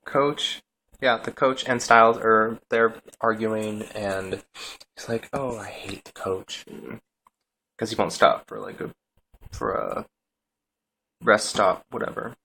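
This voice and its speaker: A man's voice: on the low side, steady tone, slow pace, creaky, long pauses, sharp tone. A young man casually recapping a TV episode, rambling through scenes with lots of "he's like" retellings. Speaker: TV episode reviewer.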